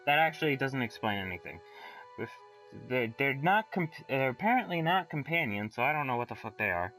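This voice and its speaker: A man's voice: medium pitch, big pitch swings, brisk, pushed and bright, soft background music, low-quality recording. A man hosting a let's play, commenting casually in a profane, rambling way and reading aloud from a magazine.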